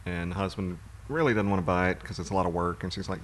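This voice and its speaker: A man's voice: low voice, fairly even intonation, fast, a little hiss or hum. A man co-hosting a casual talk show, rambling through movie recaps with plenty of fillers. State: hiccuping. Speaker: podcast co-host. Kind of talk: casual chat.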